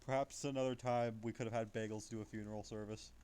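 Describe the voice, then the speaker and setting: A man chatting casually while leading friends through an online game, explaining mechanics in a relaxed way with the odd swear. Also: on the low side, fast, a little hiss or hum. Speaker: gamer leading the group. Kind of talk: casual chat while gaming.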